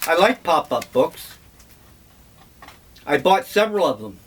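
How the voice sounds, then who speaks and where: Older male vlogger, slightly high voice, unhurried wry reminiscing. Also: very animated, slight background noise. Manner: slow, wry, meandering storytelling. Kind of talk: casual reminiscing monologue.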